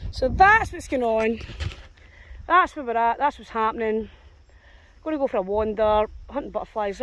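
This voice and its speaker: Casual woman, dog-walk vlog, rambling and wry, faint outdoor hiss. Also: medium pitch. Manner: chatty, self-mocking, talks to her dogs. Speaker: dog walker vlogger. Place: outdoors in a field.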